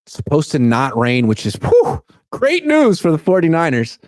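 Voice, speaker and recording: A man's voice: a little high, moderate pace, no room sound, clean studio sound. A man co-hosting a casual sports talk show, reading viewer comments aloud and teasing. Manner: reads chat questions aloud, animated and teasing.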